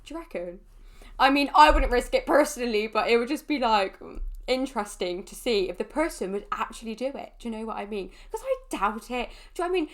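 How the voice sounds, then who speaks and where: A woman's voice: a little high, animated, fast talker. A woman chatting casually in a reaction video, rambling and chatty with lots of fillers. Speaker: YouTuber reacting to a comedy clip.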